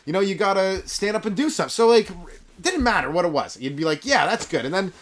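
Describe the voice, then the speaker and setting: Hoarse man riffing on his podcast. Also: high-pitched, fast talker. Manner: jokey, animated, lots of fillers and restarts. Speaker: podcast host and stand-up comedian. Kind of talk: casual rambling comedy monologue. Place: yurt on a rural property.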